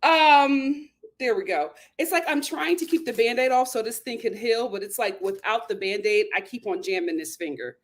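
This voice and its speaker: A woman's voice: medium pitch, animated, a little fast, few pauses. A woman hosting a casual live stream, ranting and greeting viewers by name.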